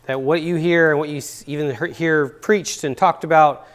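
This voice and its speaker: Man teaching a relaxed relationship seminar. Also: fairly high pitch, moderate pace. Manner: conversational, repeats words for emphasis. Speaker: seminar speaker and counselor. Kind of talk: relaxed seminar talk with stories. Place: university seminar room.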